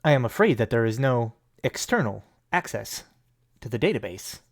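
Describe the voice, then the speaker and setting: A man voicing a calm male magical construct assistant, speaking in formal, clipped, machine-like phrases. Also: medium pitch, moderate pace.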